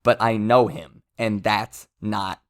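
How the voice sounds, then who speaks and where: Man putting on a firm grieving daughter, slow earnest delivery, lowish voice. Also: fairly even intonation, fairly bright tone. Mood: insistent. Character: young woman, grieving daughter, firm and hurt.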